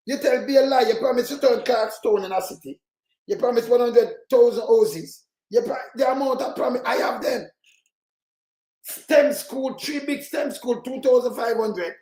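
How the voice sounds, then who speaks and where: A Jamaican man giving loud, mocking political commentary, often shouting. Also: very high-pitched, echoey room. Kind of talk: ranting commentary over clips.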